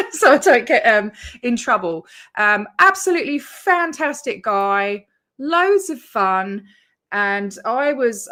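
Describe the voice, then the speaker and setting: An Australian woman hosts her own YouTube livestream, chatting casually and rambling as she greets viewers by name. Her voice is fairly high-pitched with a fairly bright tone.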